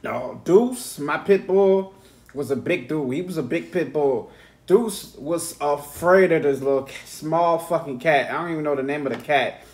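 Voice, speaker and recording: A man's voice: a little high, normal speed. A man hosting a reaction video, telling a rambling, profane story in casual chat.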